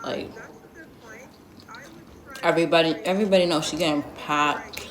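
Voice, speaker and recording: A woman's voice: on the low side, steady tone, moderate pace, long pauses. A young woman telling a storytime vlog in a blunt, sassy, slangy way, full of asides. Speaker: vlogger. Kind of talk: storytime vlog, casual gossip. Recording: roomy echo.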